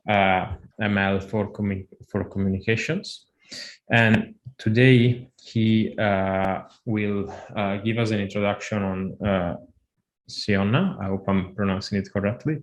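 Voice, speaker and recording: Flat-voiced man hosting a call. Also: on the low side. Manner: hesitant, frequent fillers. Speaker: seminar host. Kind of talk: introducing a guest speaker on a call. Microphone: video call.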